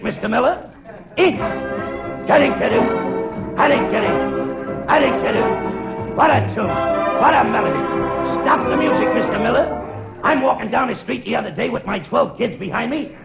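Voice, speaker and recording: A comedian doing gravelly impressions of a brash vaudeville clown and a whiny film villain in a 1940s radio comedy spot, in a radio studio before a live audience. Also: male voice, very high-pitched, expressive, normal speed, echoey room, muffled recording, loud music behind the voice, pitched above the performer's own voice, exaggerated voice. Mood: brash comic.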